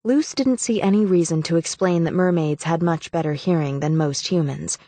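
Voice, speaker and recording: A woman reading an audiobook as a measured, even narrator. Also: fairly low pitch. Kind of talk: scripted narration.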